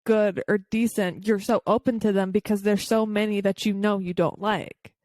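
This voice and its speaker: Animated young woman podcast co-host. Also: medium pitch, moderate pace, dry recording. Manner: animated, talks in long run-on explanations. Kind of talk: casual chat.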